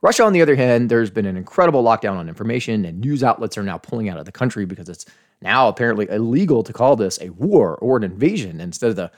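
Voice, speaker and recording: A man's voice: fairly low pitch, very animated, fast. An American man hosting a scripted commentary podcast, earnestly arguing his points and asking rhetorical questions. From United States. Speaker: podcast host.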